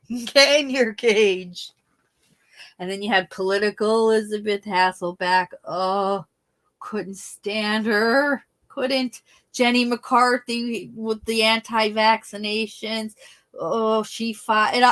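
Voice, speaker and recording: A woman hosting a casual livestream, chatting in an animated way, laughing often and sometimes trailing off quietly. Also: medium pitch. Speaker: livestream host.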